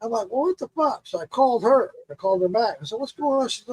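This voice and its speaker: A man's voice: extremely high pitch, lively intonation, fast, darkish tone, husky, no echo, low-quality recording. A man telling a long, profane story in casual chat and acting out the quotes.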